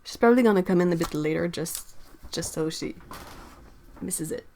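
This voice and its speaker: A woman's voice: fairly low pitch, moderate pace, mellow, slight background noise. A woman hosting an art livestream from a home studio, chatting casually and apologetically while she paints, often breaking into giggles.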